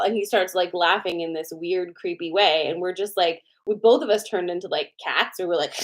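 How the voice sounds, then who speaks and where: A woman host telling a personal story to viewers in a casual, animated way, with a lot of swearing and "like" fillers. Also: fairly low pitch, brisk, hardly any pauses.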